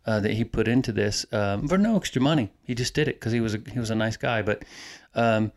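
A man in his fifties, a former Coast Guard cook turned recruiter, reminiscing easily in casual chat, pausing often on "uh" and "um". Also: lowish voice. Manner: easygoing, halting with "uh" and "um".

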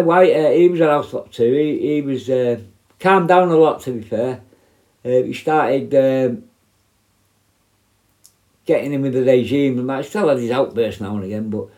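A middle-aged man, in an average pitch, spins rambling stories from his days as a prison officer. He talks bluntly and swears freely in a casual, conversational way. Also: darkish tone. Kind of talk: casual storytelling.

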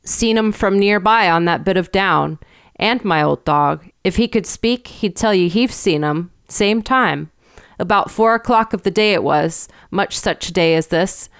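A woman's voice: mid-range voice, a little slow, clear, resonant tone, dry recording, studio quality, lightly acted. Woman doing grave old country shepherd. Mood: ominous. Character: gruff old rustic male shepherd, grave and superstitious. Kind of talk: storybook reading.

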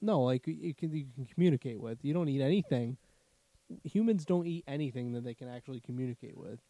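Mellow-voiced man in profane casual chat. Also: mid-range voice, no room sound. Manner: profane, laughing, quick to put on silly animal voices.

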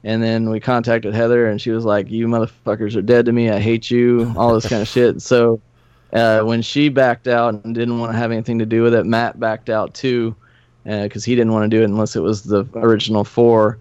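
A middle-aged man, a podcast guest, telling old band stories in a relaxed, profane, laughing way. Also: mid-range voice, fairly quick, smooth, no room sound. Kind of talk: casual storytelling. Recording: slightly muffled dry studio recording.

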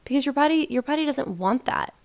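A woman's voice: sits high, animated, fast talker, gravelly, darkish tone. A woman hosting a casual solo podcast, chatty and emphatic, with lots of fillers and rhetorical questions. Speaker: podcast host.

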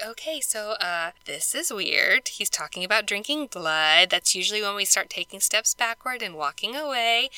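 A woman's voice: medium pitch, bright, forceful tone, clean tone, no room sound. A woman hosting a podcast, talking through scripture stories in a chatty, earnest way with lots of fillers. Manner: chatty, earnest, many "you know" and "like" fillers. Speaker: podcast host. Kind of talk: casual scripture study talk.

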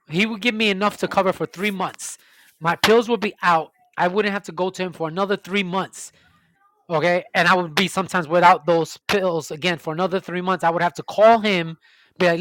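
A man's voice: high voice, brisk, a bit bright, no room sound. Podcast host, man, casual profane ranter, dry mic. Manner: profane ranting storytelling. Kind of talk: casual chat.

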